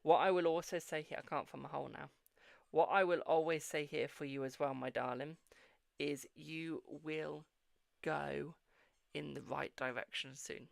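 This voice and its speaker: A British man from the United Kingdom hosts a live-stream tarot reading, his voice fairly high with fairly even intonation, a moderate pace and some vocal fry, recorded without echo. He is affectionate and repetitive, repeating phrases and calling viewers "my darling" and "boo."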